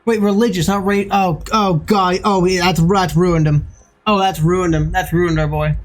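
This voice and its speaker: An excitable gaming video host giving joking casual commentary. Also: medium pitch, normal speed.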